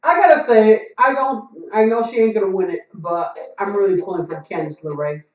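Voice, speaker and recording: A man's voice: sits high, fairly quick, muffled recording, faint music behind. A man co-hosting a podcast who reads out chat messages and jokes with his friends. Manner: lively, reads out chat messages, laughs a lot. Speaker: podcast co-host. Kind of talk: casual chat. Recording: echoey room, distant mic, background hiss.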